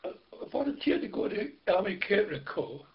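An older man from Britain looks back on his army service for an interviewer. His voice sits a little high, and he rambles in halting bursts, leaning on "you know". The recording is dull and lo-fi. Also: big pitch swings. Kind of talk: oral history interview.

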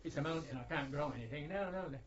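A fairly high-pitched older man talks quickly about his days in the service, drifting from point to point in an oral-history interview with lots of fillers and restarts. The audio is dull lo-fi with a little hiss or hum.

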